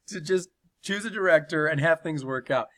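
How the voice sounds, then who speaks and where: A man hosts a comedy podcast with a bright, forceful voice that sits a touch high. He spins a crude tale, swearing freely and laughing as he goes. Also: normal speed. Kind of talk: profane comedic storytelling.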